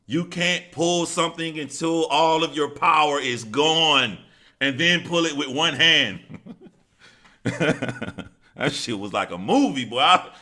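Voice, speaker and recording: A man's voice: fairly low pitch, sharp tone. A man hosting a live stream, telling stories in a casual, profane, rambling way and reading out viewer chat.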